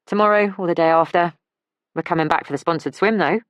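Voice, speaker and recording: A woman voicing a bubbly, excitable woman friend who talks in an exuberant, playful way. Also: lowish voice, fast, no echo, lightly acted.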